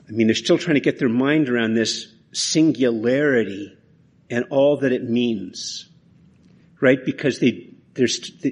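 A man's voice: medium pitch, breathy edge. A man preaching a sermon in an earnest, conversational way, often restarting his phrases. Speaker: pastor.

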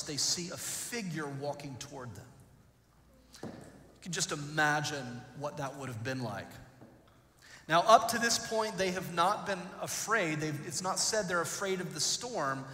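A male pastor preaching a sermon, retelling a story with dramatic swings between loud and quiet. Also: a little high. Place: church. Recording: echoey church hall.

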